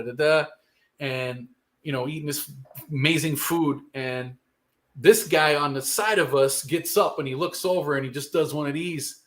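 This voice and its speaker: A man's voice: a little high, fairly bright tone. A man, a guest telling a long rambling story in casual, profane street slang. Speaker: guest musician.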